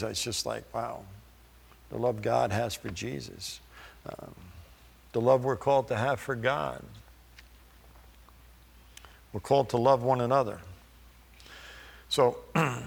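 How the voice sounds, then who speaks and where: A man preaching a sermon, reading scripture slowly and deliberately with pauses. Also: medium pitch, gravelly, slightly rough, big-room sound.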